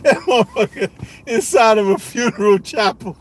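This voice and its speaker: A man's voice: high voice, moderate pace. A middle-aged man hosting a live stream, chatting casually, laughing often and swearing a lot as he rides in a vehicle. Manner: laughs often, slangy and profane.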